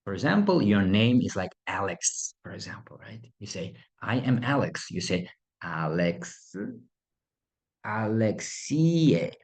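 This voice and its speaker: A man gives a beginner language lesson in a casual video, relaxed and hesitant, full of fillers and playful asides. His voice is on the low side and his pace slow.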